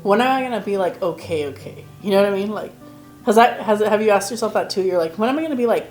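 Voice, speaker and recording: A woman's voice: medium pitch, lively intonation, fast, darkish tone, reverberant, faint music behind. A woman hosting a casual chat, reacting often with exclamations and encouraging her guest to keep going. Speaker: podcast host.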